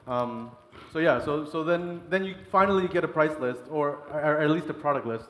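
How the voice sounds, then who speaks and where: A man, a chef, talking casually and quickly in an interview with laughing asides. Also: a little high, a little hiss or hum. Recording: echoey room with long reverb.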